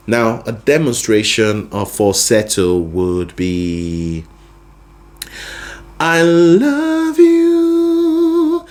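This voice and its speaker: A man teaching a singing lesson, explaining voice registers and often checking in with the listener. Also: lowish voice. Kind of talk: explaining with sung demonstrations.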